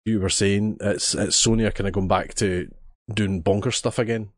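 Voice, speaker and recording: A man's voice: on the low side, fairly even intonation, normal speed, dry recording, studio quality. A man co-hosting a podcast, chatting casually with enthusiasm and repeating words as he thinks. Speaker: podcast co-host. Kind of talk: casual chat.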